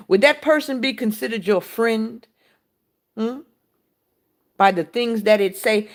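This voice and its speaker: A woman hosts a casual spiritual talk, and her voice swoops up and down with lively, expressive pitch. She talks frankly, swears freely and keeps putting rhetorical questions to her listeners. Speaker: podcast host.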